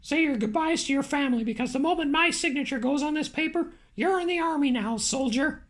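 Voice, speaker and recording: A woman's voice: high-pitched, a little fast, lightly acted. A woman voicing a blustering older male president who bullies and threatens bluntly. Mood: threatening. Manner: bossy, blunt, taunting.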